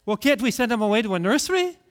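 A middle-aged male pastor preaching a sermon, telling stories with lively acted-out voices. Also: very high-pitched, racing. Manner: animated storytelling, acting out voices.

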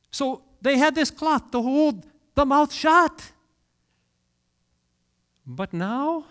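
Male preacher, high and lively pitch, dramatic storytelling sermon delivery. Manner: storytelling with dramatic pauses and swings in loudness.

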